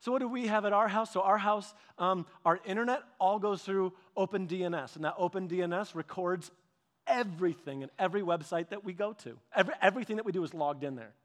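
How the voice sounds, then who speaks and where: A man preaching a sermon, telling stories with lively repetitions and restarts. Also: high-pitched, fast. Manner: animated storytelling with repetitions and restarts. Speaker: pastor. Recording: long hall reverb.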